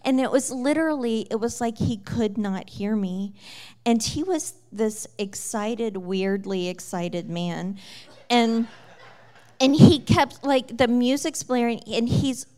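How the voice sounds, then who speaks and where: A woman telling the story of her conversion in a lively, casual way, with many fillers and frequent laughter. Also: fairly high pitch, slow. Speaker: guest sharing her testimony. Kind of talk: personal testimony storytelling.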